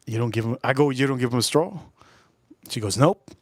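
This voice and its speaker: A man's voice: mid-range voice, a little fast, no room sound, studio quality. A man hosting a livestream, telling a rambling, crude story in a casual way and repeating himself as he goes. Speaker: livestream host.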